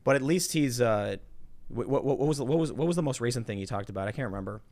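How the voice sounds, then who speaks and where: Male podcast host, mid pitch, loose political banter, animated and self-interrupting. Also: quick pace. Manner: animated, repeats words when building a point. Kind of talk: casual political chat.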